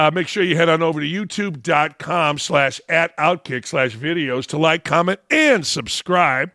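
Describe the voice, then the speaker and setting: A man's voice: fairly high pitch, moderate pace, pushed and bright, no room sound, clean studio sound. A man hosting a sports talk show, giving brash, mocking, opinionated commentary.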